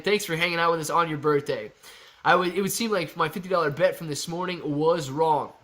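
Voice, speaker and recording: A man hosting a live stock-market stream, calling out prices rapidly and chatting with viewers in a casual, excited way. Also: on the high side. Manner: excited, calls out prices like an auctioneer. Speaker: livestream host.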